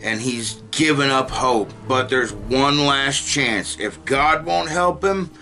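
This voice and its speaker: A man's voice: medium pitch, slow, pushed and bright, faint music behind. A man giving a casual, sarcastic and profane film review, retelling scenes.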